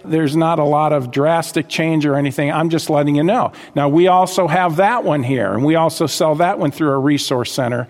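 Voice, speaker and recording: High-voiced emphatic preacher in a hall. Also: male voice, normal speed, hardly any pauses. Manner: emphatic, asks the congregation questions. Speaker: pastor. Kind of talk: sermon.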